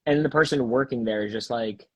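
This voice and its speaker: A man appears as a guest on a phone video call, chatting casually in a laid-back, rambling way full of fillers and laughs. He's worn out after partying and recovering from a cough. His medium-pitched voice is a bit bright and a little fast with a breathy edge, and the audio is poor, with no room sound.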